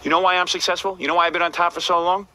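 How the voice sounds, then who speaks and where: Blunt fast-talking radio host man. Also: high voice, little pitch movement, pushed and bright, a little hiss or hum, poor audio. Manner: lecturing, blunt, repetitive. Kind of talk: blunt on-air lecture.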